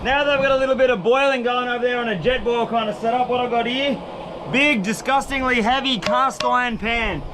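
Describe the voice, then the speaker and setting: A man's voice: very high voice, fairly even intonation, brisk. A young Australian man chatting casually to camera in laid-back slang by a windy roadside. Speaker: outdoor vlogger. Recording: outdoor wind and passing traffic noise.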